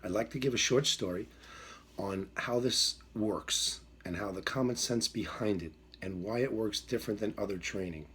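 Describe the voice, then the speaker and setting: Husky-voiced man telling a story. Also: lowish voice, moderate pace, a bit bright. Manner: emphatic, repetitive, acts out quoted voices. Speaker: dog trainer. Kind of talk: storytelling monologue.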